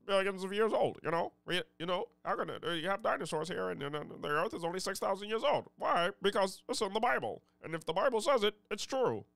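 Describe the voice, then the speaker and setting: A man's voice: high-pitched, animated, a little fast, vocal fry, hardly any pauses, fairly bright tone, no echo, pitched above the performer's own voice, exaggerated voice. A man doing a mocking impression of a smug, preachy older male creationist lecturer, in a singsong lecturing tone.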